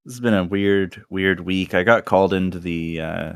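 Deep-voiced laid-back man telling stories. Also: moderate pace, clear, resonant tone, no echo. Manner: laid-back storyteller, laughs often. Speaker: podcast host. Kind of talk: casual chat.

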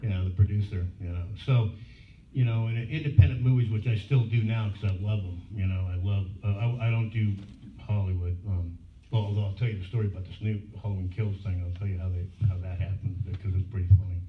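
A man with a lowish voice spins casual, profane stories for a panel audience, laughing as he goes. He sounds far from the mic in a reverberant room. The sound is thin and phone-like, with a faint hiss underneath. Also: steady tone, fast talker. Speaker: convention panel guest. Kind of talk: casual storytelling at a fan panel. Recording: echoey far-off hall recording, phone-like and noisy.

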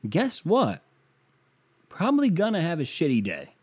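A man's voice: mid-range voice, wildly swooping pitch, moderate pace, long pauses, darkish tone, breathy edge. A young man hosting a podcast, riffing in a casual comedic monologue, rambling and wry with lots of fillers. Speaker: podcast host.

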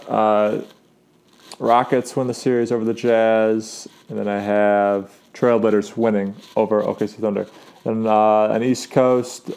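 A young man hosts a loose, casual sports talk. His voice sits a little low and comes through smooth and clean. He rambles, restarts often and fills gaps with "uh" and "um.". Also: darkish tone. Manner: rambling, many fillers and restarts. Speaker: sports podcast host.

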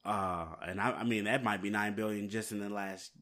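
A man's voice: fairly low pitch, fairly even intonation, moderate pace, a bit bright. Male podcast host, casual solo chat, tired and rambling, recording at home. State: hiccups. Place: home, late at night.

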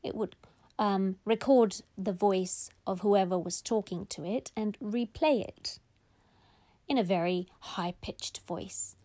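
A woman reading a children's bedtime story aloud, slow and gentle, putting on small voices for the characters. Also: medium pitch, dry recording.

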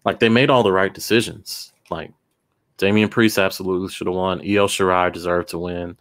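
A man's voice: sits low, steady tone, brisk, fairly bright tone. A man co-hosting a casual wrestling chat show, talking things through thoughtfully with many fillers. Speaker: podcast co-host.

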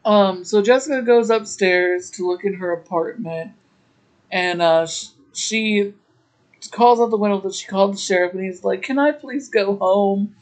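A woman with a medium-pitched, slightly mellow voice hosts a podcast on a rough recording. She recaps an episode in a chatty, casual way, drawing out her slow delivery and tossing in laughing asides.

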